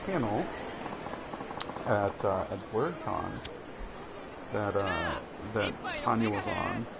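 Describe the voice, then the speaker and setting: A man's voice: fairly low pitch, lively intonation, slow, creaky. A man streaming a game alone, chatting to his viewers in a rambling, hesitant way full of restarts and fillers. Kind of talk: casual solo stream chat. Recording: game music and crowd noise behind.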